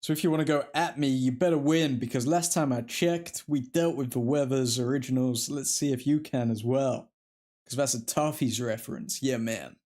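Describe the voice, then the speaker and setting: A man's voice: medium pitch, moderate pace, darkish tone. Chatty man calling a live football match. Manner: chatty, reacting to play as it happens, talking to viewers. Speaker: host of a live football watchalong. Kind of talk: live match commentary and fan chat.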